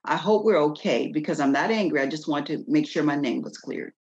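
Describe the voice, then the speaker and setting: A woman's voice: low voice, fairly quick, lo-fi sound. A woman guest talking emphatically in a casual conversation, shifting into a preacher-like delivery and telling stories with energy. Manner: lively, animated storytelling.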